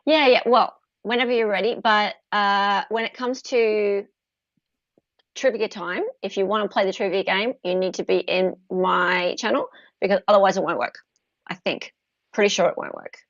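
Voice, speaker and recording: A bubbly Australian woman hosting a laid-back livestream, her voice carrying a gravelly fry at the ends of phrases. She chats quickly and warmly with her guest. The dull, dry computer mic gives it a lo-fi, close feel. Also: medium pitch, fairly even intonation, no room sound. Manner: bubbly, chatty, quick laughs and gasps. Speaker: host. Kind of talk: casual livestream chat.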